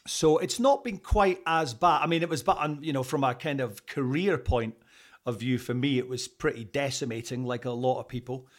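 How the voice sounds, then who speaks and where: A Scottish man talking in a relaxed interview. He rambles through his stories with plenty of fillers and restarts, and he laughs easily. His pitch sits in the middle range for a man. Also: moderate pace. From Scotland. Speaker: interview guest, radio presenter. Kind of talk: casual interview chat.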